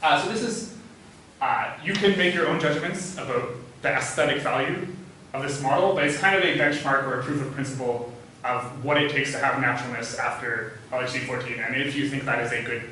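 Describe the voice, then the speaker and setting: Male lecturer, hesitant delivery with frequent fillers, bright tone, picked up from afar in a very echoey room. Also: medium pitch, brisk, slight background noise. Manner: hesitant, many "uh" fillers, thinking aloud. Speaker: physics lecturer. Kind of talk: academic talk. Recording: echoey hall, voice from far off.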